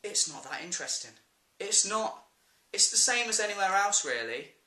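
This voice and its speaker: An English man ranting to camera in a blunt, sweary, exasperated way. His voice is very bright and a touch high, and the room around him rings with echo. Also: big pitch swings, moderate pace. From England. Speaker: vlogger. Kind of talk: ranting vlog.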